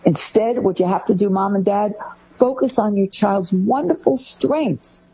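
Husky woman giving parenting advice. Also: mid-range voice, measured pace, mellow, dull audio. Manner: acts out parents' phrases in a raised voice. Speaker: host.

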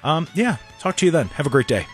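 A man from hosting a radio talk show, with an animated, exasperated manner and frequent restarts. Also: fairly high pitch, fast talker, faint music behind.

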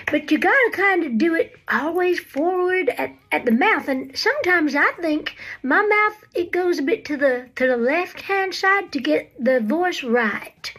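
Lively high-voiced woman giving voice tips. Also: low-quality recording. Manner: playful, demonstrative, laughs at herself. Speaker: tribute performer for a famous singer. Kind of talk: demonstrating an impression voice.

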